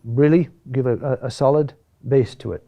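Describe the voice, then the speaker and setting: Monk teaching chant, mellow voice. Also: male voice, medium pitch, creaky, highs cut off. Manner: explains in short phrases with many "uh"s and asides of "huh?"; sings chant phrases slowly in Latin. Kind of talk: chant lesson.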